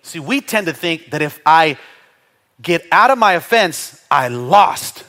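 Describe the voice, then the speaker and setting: A middle-aged man preaching a sermon, his voice bright, forward and ringing. He swings widely in pitch, dropping low and quiet, then rising high and loud. He jokes and calls for responses from the congregation. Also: unhurried, vocal fry. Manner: animated, playful preaching with jokes and call-and-response. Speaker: pastor. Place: church sanctuary.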